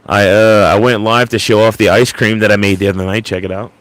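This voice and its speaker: A man's voice: on the low side, little pitch movement, brisk, dry recording. A man hosting a casual late-night livestream into an ASMR microphone, rambling and stammering as he repeats words. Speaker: livestream host.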